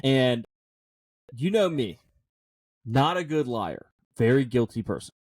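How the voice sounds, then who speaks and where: A man's voice: mid-range voice, big pitch swings, takes it slowly, darkish tone, dry recording. A young man co-hosting a casual podcast, telling a self-deprecating story and laughing often. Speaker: podcast co-host.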